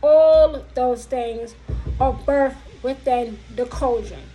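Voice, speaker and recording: A woman's voice: high voice, mellow, a little hiss or hum, low-quality recording. A woman vlogger teaching witchcraft lore in a casual, emphatic way, repeating her points to viewers. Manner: repetitive, slow and emphatic, talks directly to viewers.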